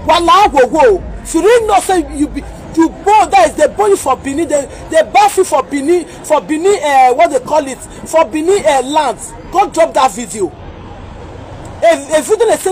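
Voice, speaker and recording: A woman's voice: high-pitched, lively intonation, moderate pace, a faint crowd. A Nigerian woman from Edo, ranting in a heated, pleading way in a vlog, repeating herself as she scolds people. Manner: agitated, pleading, repetitive. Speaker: vlogger.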